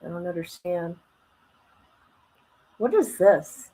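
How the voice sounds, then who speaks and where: A woman's voice: on the low side, animated, slow, dark tone, husky, poor audio. A woman hosting a casual livestream, chatting colloquially, reading viewer comments aloud and laughing often. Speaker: livestream host.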